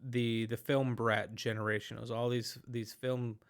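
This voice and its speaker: A man hosting a podcast, chatting casually about a film, talking in animated, rambling bursts with many restarts and fillers. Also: mid-range voice, moderate pace. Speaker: podcast host. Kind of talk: casual movie review chat.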